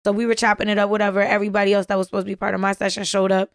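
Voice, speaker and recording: A woman's voice: mid-range voice, monotone, very fast, no room sound. A woman recording artist chatting casually, her voice sitting mid-range for a woman. She tells her stories in slangy, loose talk, retelling what people said to her. The sound is close and dry with no room around it. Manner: storytelling, slangy, retells exchanges. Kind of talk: casual chat.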